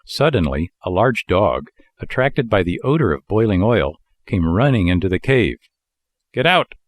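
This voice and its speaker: Lively male storybook narrator. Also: sits low, normal speed, dry recording. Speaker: audiobook reader. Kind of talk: scripted narration.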